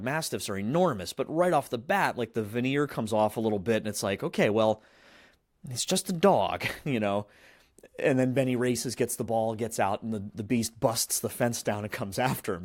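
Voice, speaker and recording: A man's voice: mid-range voice, no echo, studio quality. A man hosting a podcast, retelling a film plot in a rambling, casual way full of fillers and restarts. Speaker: podcast host.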